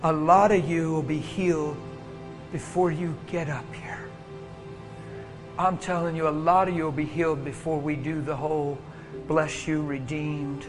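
Male preacher, high voice, sermon testimony, hushed whispers to loud bursts, music underneath. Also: fairly even intonation, measured pace.

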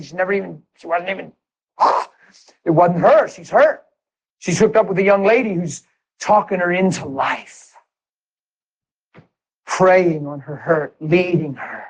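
A man preaching his own conversion testimony in a sermon, moving from hushed, earnest talk to excited shouts. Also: sits high, rough recording.

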